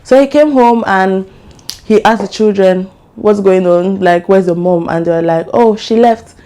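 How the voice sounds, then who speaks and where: A young woman with an African accent, casually telling a true crime story as a vlogger, chatty and animated with asides. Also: medium pitch, moderate pace, clear, resonant tone.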